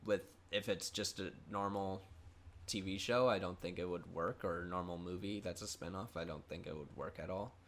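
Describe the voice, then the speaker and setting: A man's voice: deep voice, moderate pace, slight background noise. A man co-hosting a casual podcast, talking loosely with fillers and restarts. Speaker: podcast co-host. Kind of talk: casual chat.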